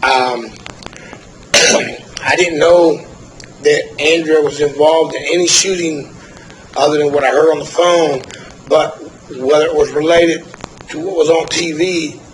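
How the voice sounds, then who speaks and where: Man on the witness stand, polite, unsure, lots of ums, slightly high voice. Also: fairly even intonation, a little slow, background noise. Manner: hesitant, polite answers with fillers. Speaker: trial witness. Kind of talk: courtroom testimony. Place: courtroom.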